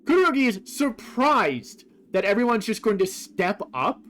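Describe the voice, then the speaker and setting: A male streamer talking through a game in a loose, rambling way, filling pauses with "uh" and "like." His voice sits a little higher than most men's, with faint noise in the background. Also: very animated, a bit bright. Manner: rambling, many fillers like "uh" and "like". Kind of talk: casual game commentary.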